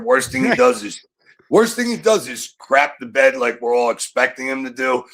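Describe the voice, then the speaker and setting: A man's voice: fairly low pitch, fairly bright tone, rough recording. A man calling in to a sports talk show, talking in a frustrated, rambling way. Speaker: caller.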